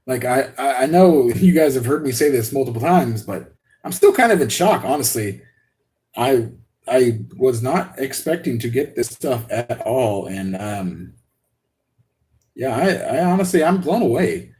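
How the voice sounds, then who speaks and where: A man hosting a live unboxing stream, talking excitedly and rambling with many restarts and laughs. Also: medium pitch, measured pace. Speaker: RC hobby channel host.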